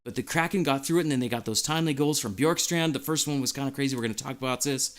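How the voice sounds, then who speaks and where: A man hosting a live stream, giddy and out of breath, reading chat messages aloud in an excited chat. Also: mid-range voice, rapid-fire.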